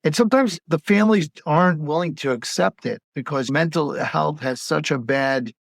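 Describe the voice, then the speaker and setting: A pediatric gastroenterologist tells stories in a casual podcast chat, acting out the voices of his patients' parents. His gravelly voice sits on the high side at a normal speed, with studio-quality sound and no echo.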